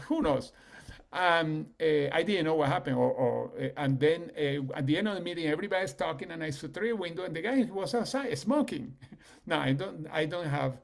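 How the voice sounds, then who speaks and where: A man, a business leader telling stories on a call in an animated way. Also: moderate pace, creaky. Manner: animated, acts out quoted people with rising pitch.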